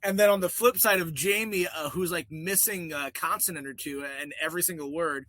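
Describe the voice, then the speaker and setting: A man co-hosting a podcast in casual chat, animated and laughing often as he talks things over. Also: a little high, fairly quick, hardly any pauses. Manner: animated, quotes people in put-on voices, laughs often. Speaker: podcast co-host.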